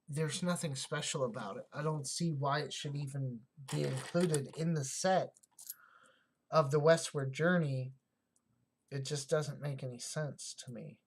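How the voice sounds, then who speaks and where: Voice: medium pitch, normal speed, slight background noise. A livestream host in casual chat, thinking aloud while sorting coins and answering viewer comments.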